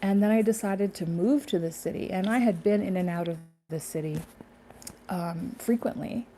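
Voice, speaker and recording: Woman vlogger, mellow tone, loose rambling delivery full of fillers, faint hiss in the recording. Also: medium pitch, moderate pace. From Canada. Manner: rambling, laughing to herself, many fillers. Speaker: spiritual YouTuber. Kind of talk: casual spiritual vlog monologue.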